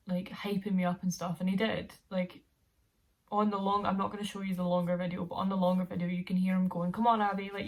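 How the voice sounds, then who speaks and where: A young woman, telling a story to camera in a chatty, rambling way with frequent laughs. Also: on the low side. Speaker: vlogger.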